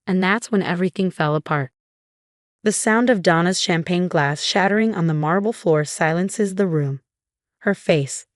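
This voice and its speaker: A woman narrating a scripted first-person story in an even, measured way. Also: on the low side, no echo, studio quality.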